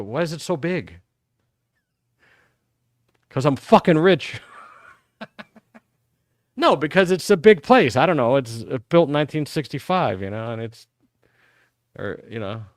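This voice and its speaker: A man's voice: medium pitch, normal speed, pauses often, no echo, clean studio sound. A middle-aged man from the United States hosting a live talk show, telling rambling stories and acting out what other people said. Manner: animated storytelling, acts out other people's lines. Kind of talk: rambling live-stream monologue.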